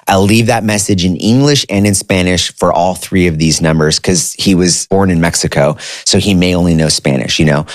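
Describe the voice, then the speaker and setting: Man, middle-aged, deep voice, chatty storytelling, lively quoted dialogue. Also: no echo, clean studio sound. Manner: conversational, animated when quoting others. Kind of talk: casual personal storytelling.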